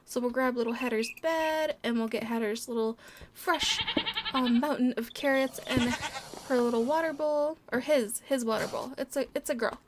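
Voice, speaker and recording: A bright, high-pitched woman chatters through casual gameplay commentary with a bubbly, giggly manner. She coos fondly over the animals as she walks her viewers around. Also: moderate pace, noisy background. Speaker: let's play host.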